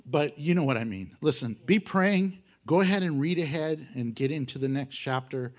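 A man teaching a Bible lesson in a casual, animated way, often laughing and acting out quoted apologies. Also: a little high, normal speed.

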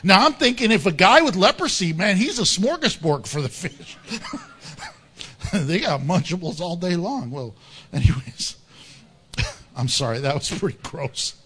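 A man preaching a sermon as pastor in a church, animated and humorous, laughing often and acting out Bible stories. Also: sits high, a little slow, long pauses, breathy edge.

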